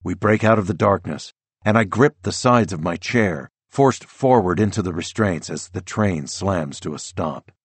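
A man narrating a first-person novel as an audiobook, measured and descriptive. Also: low voice, expressive, slightly rough, no room sound.

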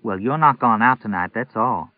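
A man's voice: lowish voice, animated, normal speed, no echo, natural voice. A man reading the part of a small, firm and caring wife who fusses over her sick husband. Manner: firm, motherly scolding. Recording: tinny narrow-band audio.

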